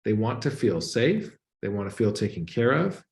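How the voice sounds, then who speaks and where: Earnest lower-voiced man in a roomy space. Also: sing-song, normal speed, gravelly, a little mellow. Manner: earnest, conversational, uses many "like" and "and so" links. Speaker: guest expert presenting research. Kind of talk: explanatory talk to an audience over slides. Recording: echoey room.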